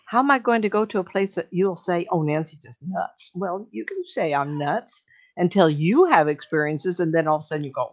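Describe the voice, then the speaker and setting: An older woman, a medium, telling stories in a casual, animated way on a talk show, acting out the voices she quotes and laughing often. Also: lowish voice, normal speed. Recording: dull lo-fi sound.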